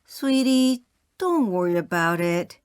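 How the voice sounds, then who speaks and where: A woman's voice: mid-range voice, expressive, slow pace, clean tone. A woman voicing a husband who hesitantly tries to placate his wife. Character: hesitant husband fishing for a compliment.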